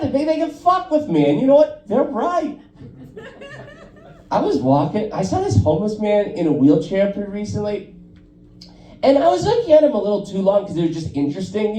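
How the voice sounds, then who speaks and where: A man doing a stand-up comedy set, telling profane, self-deprecating stories in a lively way. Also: very high-pitched, recorded from a distance. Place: live comedy venue. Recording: roomy live sound, voice off-mic, crowd laughing. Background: audience laughter.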